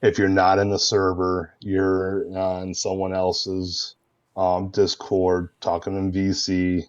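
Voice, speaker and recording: A man's voice: deep voice, completely flat delivery, slow pace, dry recording. A middle-aged American man, a guest roleplayer, telling casual rambling anecdotes over a video call, peppered with "man" and "dude". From United States. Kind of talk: casual storytelling interview. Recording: dull, dry, lo-fi mic.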